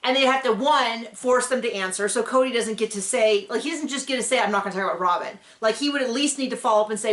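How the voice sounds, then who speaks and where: A woman's voice: on the high side, fast talker, few pauses, a bit bright, echoey room. A woman hosting a casual TV recap, chatting in a sarcastic, filler-heavy way. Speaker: recap show host.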